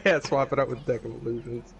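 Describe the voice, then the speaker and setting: A young man with a gravelly, fry-laced voice at an everyday pitch chats loosely with his tabletop group. He jokes around and fills his talk with "like" and "um". A faint hiss sits under him. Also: fairly even intonation, quick pace, muffled recording. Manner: joking, chatty, many fillers. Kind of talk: casual chat among tabletop players.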